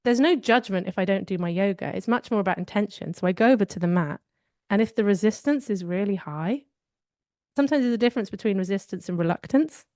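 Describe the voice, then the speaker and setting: A woman's voice: medium pitch, fast, darkish tone, dry recording, studio quality. A woman co-hosting a podcast, telling personal stories in a candid, reflective way during a casual chat. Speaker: podcast co-host.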